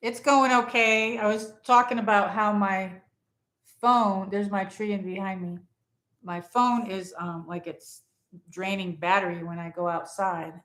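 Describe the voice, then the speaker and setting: A woman with a mid-range, fairly bright voice hosts a casual livestream from her phone at home in front of a Christmas tree, her tone steady and unhurried in a reverberant space. She rambles and reads viewer comments aloud as she chats with them live.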